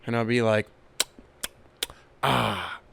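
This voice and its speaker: Deadpan male comic, slow and smooth delivery. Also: medium pitch. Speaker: comedian. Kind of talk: comedy monologue.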